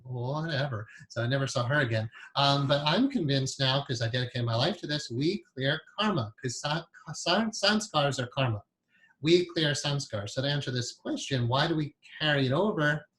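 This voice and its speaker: A man's voice: medium pitch, normal speed, a bit bright. A man giving a casual, rambling lecture on hypnotherapy to a class, chatty and full of fillers and self-corrections. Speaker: hypnotherapy teacher.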